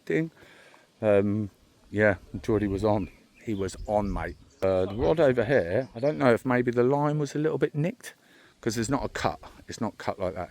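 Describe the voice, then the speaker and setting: A man's voice: lowish voice, darkish tone. A man vlogging his fishing trip in casual chat, calling everyone mate, recorded outdoors by a lake on a phone. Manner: chatty, calls everyone mate. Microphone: handheld phone.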